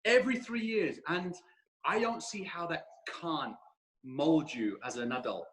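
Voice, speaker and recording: A British man, a podcast guest, telling stories in a lively, animated way with frequent restarts. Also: on the high side, a little slow, poor audio. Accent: British, shifting between regions. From England. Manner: animated storyteller, many restarts. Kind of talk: casual conversation.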